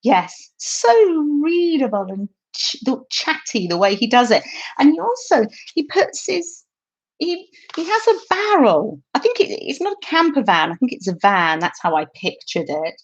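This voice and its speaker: A woman's voice: on the high side, big pitch swings, normal speed, husky. A woman hosting a craft livestream, chatting to viewers in a giggly, rambling way while demonstrating. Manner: chatty, giggly, restarts often. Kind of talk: casual craft demonstration to live chat.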